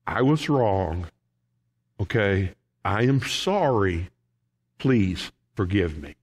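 A middle-aged man preaches a Bible study in a loose, talky way. He laughs through his stories and keeps checking in with his listeners. His voice sits in an ordinary middle pitch. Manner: chatty, laughs often, keeps asking "okay?". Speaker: pastor.

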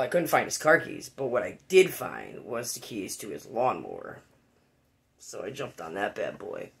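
A man spins a rambling, profane story about a wild night, his voice gravelly and mid-pitched. He jumps into the voices of the people he quotes and keeps the casual, swearing flow going. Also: a bit bright.

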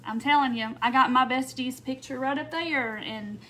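Woman with a high, bright voice, hosting a craft livestream; casual and chatty, greets everyone by name. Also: moderate pace. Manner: chatty, warm welcomes, frequent little laughs and "um"s.

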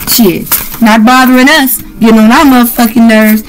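A woman's voice: fairly high pitch, steady tone, moderate pace, low-quality recording. Brash, profane woman reading tarot. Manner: brash, profane, rowdy and playful. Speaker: tarot reader.

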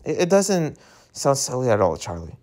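A man voicing a kind teenage boy who speaks gently and soothingly. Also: mid-range voice, sing-song, moderate pace, lightly acted. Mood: warm.

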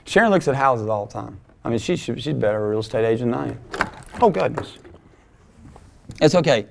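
A man's voice: mid-range voice, lively intonation, racing, creaky, background noise. A middle-aged man pastor telling a personal story in a folksy, conversational sermon, acting out bits of dialogue. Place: church sanctuary.

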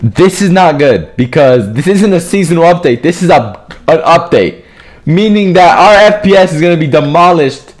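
A young man giving profane, joking commentary over his gameplay, trash-talking other players and often breaking into yells. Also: a little high, lively intonation, moderate pace, soft background music. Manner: bursts into yelling. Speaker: gaming video creator.

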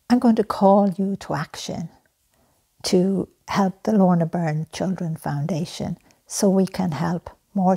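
Slow, gravelly, soft-spoken woman making an earnest appeal. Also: on the low side. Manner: soft-spoken, earnest, drifting into breathy whispers. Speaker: charity founder making an appeal.

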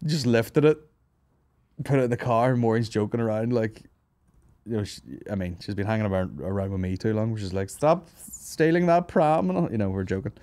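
A man's voice: lowish voice, a little mellow, dry recording. A Northern Irish man hosting a podcast, telling a rambling comic story, swearing a lot and laughing often, hungover and tired. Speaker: podcast host. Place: office.

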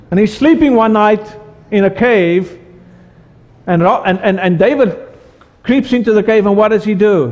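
A man's voice: sits high, darkish tone, long reverb tail. A man preaching a sermon as pastor, asking his congregation questions as he goes.

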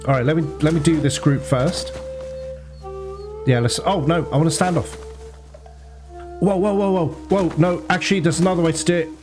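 A man commentating his own gameplay, excitable and prone to swearing and laughing. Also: on the high side, moderate pace, pauses often, music in the background. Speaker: gameplay streamer.

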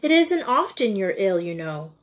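A woman voicing a lively, mischievous schoolgirl of about twelve, speaking eagerly and playfully in an audiobook reading. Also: medium pitch, moderate pace, close to an everyday voice. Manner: eager, playful mock-Shakespearean speech.

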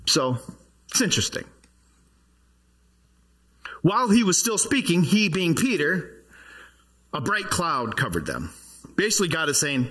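A man preaching in a church in a relaxed, conversational way, often asking his congregation questions. His voice sits a little high and swings widely in pitch. It has a husky edge. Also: unhurried, long pauses. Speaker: pastor. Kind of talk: sermon.

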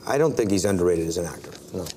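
A man's voice: deep voice, rapid-fire, slight background noise. A man in his forties, an actor telling stories as an interview guest, acting out dialogue with lots of fillers and restarts. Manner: animated, acts out dialogue with many "I'm like" quotes; filler-heavy, restarts often. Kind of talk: casual storytelling in an interview. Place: TV studio, seated at a table.

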